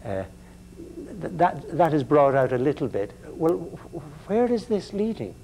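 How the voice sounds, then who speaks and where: Older male lecturer, halting and wry. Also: fairly high pitch, sing-song, dark tone, a little hiss or hum. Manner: halting, repeats words, wry humor. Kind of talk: university lecture.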